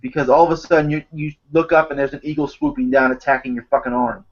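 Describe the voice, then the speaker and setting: A man telling stories in casual chat, animated and swearing often. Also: mid-range voice, fast talker. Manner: animated storyteller, swears a lot. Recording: dull lo-fi recording.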